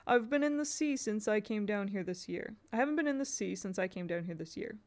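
A woman's voice: medium pitch, expressive, darkish tone, close to an everyday voice. A woman doing a stern old male scholar. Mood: firm. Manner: firm, brisk.

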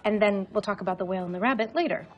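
A woman's voice: medium pitch, very fast, faint music behind, lightly acted. An actress playing a young woman writer, polite and tentative in a TV comedy-drama. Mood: earnest.

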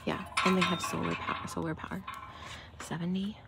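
A woman filming a casual shopping vlog. She talks from her car, then murmurs half-whispered comments as she browses a quiet store. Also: lowish voice, moderate pace, vocal fry, background noise. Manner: chatty, gushing over cute finds. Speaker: shopping vlogger.

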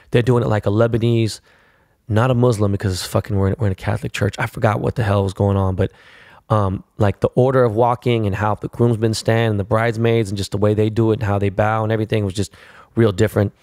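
A man's voice: on the low side, creaky, a little mellow, no room sound. A man tells a rambling, profanity-laced story on his own podcast. The sound is dry and close, with no room around it. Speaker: podcast host. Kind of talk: casual solo storytelling.

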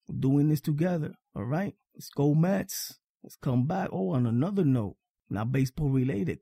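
This is a man hosting a sports fan podcast, his voice deep-toned, mellow and husky. He talks emphatically, repeating his points and often asking "all right?" The sound is dry and close. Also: no room sound. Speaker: podcast host. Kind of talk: casual sports fan monologue.

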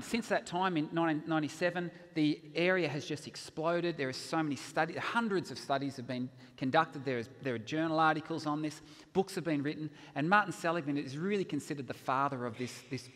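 A man giving a storytelling chapel talk at a university chapel, animated and acting out the people he quotes. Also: a little high, brisk. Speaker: chapel speaker. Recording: long hall reverb in a chapel.

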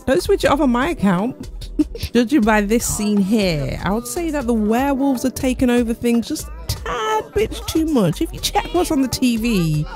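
A woman's voice: on the high side, big pitch swings, normal speed. Brief: woman, gaming channel host, chatty and amused, faint music under her. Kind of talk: gameplay commentary.

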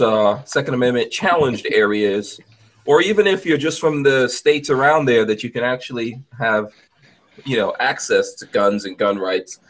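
A man hosts a live podcast with a loose, joking manner, filling his talk with fillers and quick asides. His voice is mid-pitched and plain, and it comes through a video call. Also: a bit bright. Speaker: podcast host. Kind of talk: casual chat.

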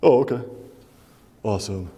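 A man's voice: lowish voice, moderate pace, lo-fi sound, very noisy. A man filming in a public building, talking to officials in a sarcastic, mock-official, joking way. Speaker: first amendment auditor.

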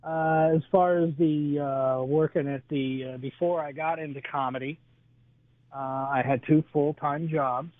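Male stand-up guest on a phone interview, slightly high voice, halting delivery, dry thin line. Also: steady tone, dry recording, phone-quality sound. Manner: halting, filler-heavy delivery with chuckles between jokes. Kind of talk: telling a stand-up bit in an interview.

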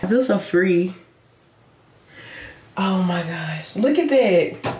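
In a casual home vlog, a young woman who does beauty content chats with her viewers, calling them "y'all." Her voice is on the low side with lively intonation, and she speaks slowly with frequent pauses. The indoor recording is roomy, with faint noise.

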